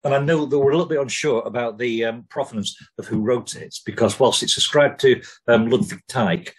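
A man's voice: mid-range voice, brisk, breathy edge, rough recording. A man co-hosting a podcast, rambling and joking with lots of swearing and ums. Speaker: podcast co-host. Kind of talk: casual chat.

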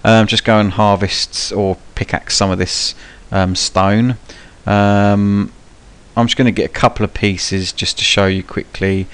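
Young man, lowish voice, gameplay tutorial commentary, rambling with lots of ums, cheeky and sweary. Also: flat delivery, unhurried, clear, resonant tone. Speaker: gaming channel host.

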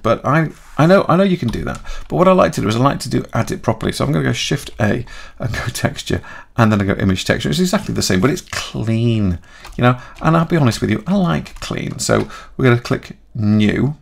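A man talking through a software tutorial in a chatty way, thinking aloud and correcting himself as he goes. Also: medium pitch, expressive, a little fast, creaky. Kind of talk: screen-recorded software tutorial.

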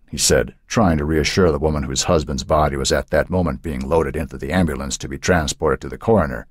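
Deep, husky male audiobook narrator. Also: a little fast, dry recording, clean studio sound.

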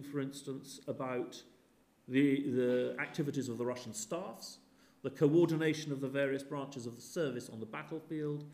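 A man's voice: on the high side, mellow. A man giving a public history lecture, with wry, ironic asides. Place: large lecture theatre. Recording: roomy lecture theatre sound.

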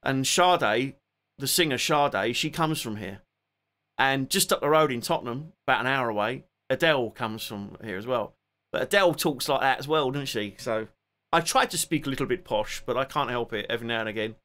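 This English music streamer, speaking with a Cockney accent, sits at home chatting loosely on a relaxed live stream instead of performing. His medium-pitched voice is expressive and crisply bright at a moderate pace, and he drifts off and resumes while thanking and greeting each viewer by name.

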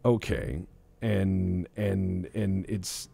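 A man's voice: low-pitched, drawn-out words, vocal fry, dark tone. A man hosting a casual gaming stream, rambling and joking, swearing freely and restarting his sentences. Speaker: streamer host.

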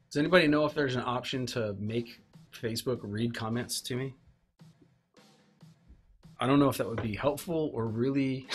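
A man hosting a casual live stream, rambling and joking with himself as he works at his workbench. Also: mid-range voice. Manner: rambling, self-mocking, talks to himself while tinkering. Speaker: livestream host. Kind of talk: casual live-stream chat while working. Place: home workbench.

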